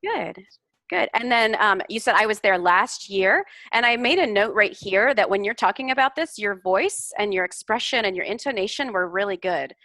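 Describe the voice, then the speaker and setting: Bright-voiced woman tutoring English online. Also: medium pitch, expressive, moderate pace, no room sound. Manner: encouraging, explains corrections patiently.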